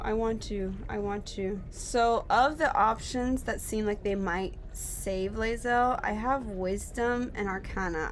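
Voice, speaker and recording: A woman streaming a game with casual commentary, who is expressive, swears freely and thinks aloud. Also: mid-range voice, a little hiss or hum. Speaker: gaming streamer.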